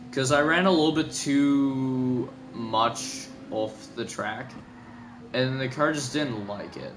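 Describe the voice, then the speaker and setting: A drowsy young man talks loosely over his racing footage, full of fillers and quick self-corrections. His voice sits at an ordinary middle pitch, with clear music playing underneath. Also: lively intonation. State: sleepy, yawning. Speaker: gaming video commentator. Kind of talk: casual replay commentary. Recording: gameplay music behind.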